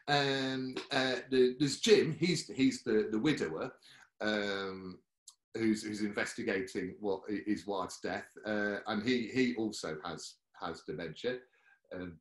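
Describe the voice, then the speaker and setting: A British man, a solo comic and performer, explaining his show in a relaxed, rambling way with frequent ums. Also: on the low side, slow pace. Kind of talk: casual talkback explaining a show. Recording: echoey room.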